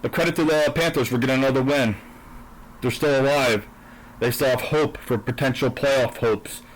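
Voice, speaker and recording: A man at a middle pitch talks in a blunt, profane, combative way. He slides into heavy sarcasm and argues with his listeners as he goes through his football picks. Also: normal speed, a little hiss or hum, poor audio. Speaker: sports and politics commentator. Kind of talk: angry political rant and football picks recap.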